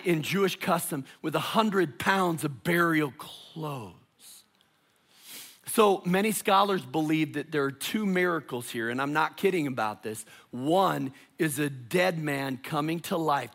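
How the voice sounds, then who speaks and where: A male pastor preaching with a slow, deliberate pace and a somewhat high pitch for a man. His voice has a gravelly, fried edge and a bright, forceful tone. He moves dramatically between hushed passages and loud, urgent calls. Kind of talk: sermon.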